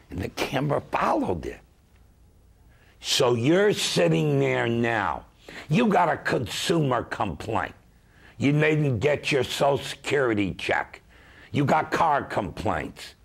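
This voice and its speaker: Slow gravelly storyteller man. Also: medium pitch. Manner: slow, emphatic, lively storyteller. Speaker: guest, consumer advocate. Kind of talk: storytelling talk-show chat.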